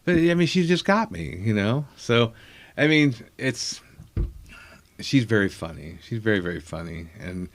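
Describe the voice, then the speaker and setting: A man's voice: lowish voice, lively intonation, unhurried. Middle-aged man spinning rambling anecdotes. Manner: rambling, self-deprecating anecdotes, acting out quotes. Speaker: comedian guest. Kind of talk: casual storytelling chat.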